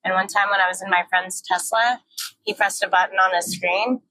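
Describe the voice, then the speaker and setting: A woman's voice: medium pitch, fairly even intonation, brisk, noisy background. A young woman talking candidly in a frank, joking, often profane monologue, recorded on a phone while she drives her car. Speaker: vlogger.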